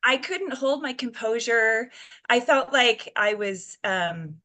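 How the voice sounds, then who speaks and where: A woman's voice: a little high, animated, slow, bright, forceful tone. A woman in her fifties, a guest in an interview, telling her story earnestly with many fillers and restarts. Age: 50s. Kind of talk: casual interview chat.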